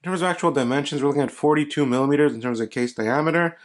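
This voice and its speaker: A man's voice: fairly high pitch, very fast. A man narrating a casual watch review in an easygoing way, often doubling his words of praise, recorded as a voice-over for close-up footage. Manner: easygoing, repeats praise words ("really, really nice").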